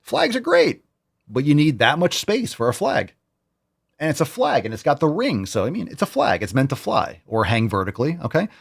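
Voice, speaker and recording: A man's voice: medium pitch, very animated, fairly quick, vocal fry. Guy hosting a stream, hyped and rambly, voice swings up and down a lot. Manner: hyped, rambling, swears casually. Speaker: host. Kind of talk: casual livestream chat.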